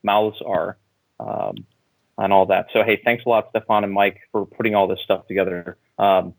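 A man calling in to a show, telling a story in an animated way, repeating words and acting out what people said. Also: on the low side, moderate pace, gravelly, no room sound, poor audio. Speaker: caller. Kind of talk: casual phone-in conversation.

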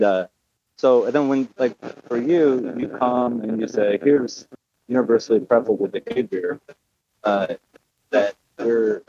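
Hesitant low-voiced male caller, lo-fi. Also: dark tone, breathy edge, dry recording. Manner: hesitant, many fillers and restarts. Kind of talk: call-in conversation.

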